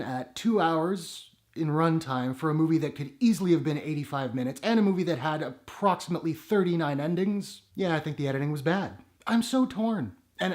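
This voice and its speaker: A man giving a casual, wry movie review to his viewers, with sarcastic asides. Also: a little high. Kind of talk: casual spoken review to camera.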